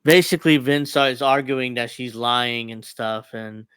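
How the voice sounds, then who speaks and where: Smooth-voiced hesitant man podcaster. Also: mid-range voice, measured pace, fairly bright tone, no echo. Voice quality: hesitant, lots of fillers and laughs. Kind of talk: casual chat.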